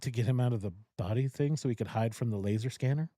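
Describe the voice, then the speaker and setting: In a cigar lounge podcast studio, a male host with a mellow, medium-pitched voice talks at a quick pace, recorded dry at studio quality. He animatedly retells a movie plot in casual chat, swearing freely and laughing often.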